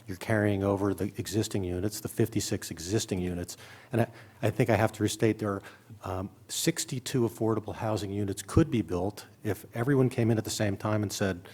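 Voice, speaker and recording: A man on the district staff explains procedure to the board in a measured, explanatory way at a board meeting. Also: low voice, a little mellow, husky.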